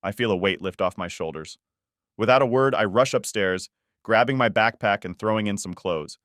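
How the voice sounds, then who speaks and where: A man reading a first-person story as a scripted narration, in an even, measured manner. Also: fairly low pitch, dry recording, studio quality.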